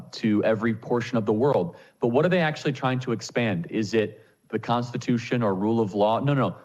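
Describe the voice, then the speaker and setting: A man speaking as a political commentator guest in an interview, forceful and firing off rhetorical questions. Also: mid-range voice, lo-fi sound.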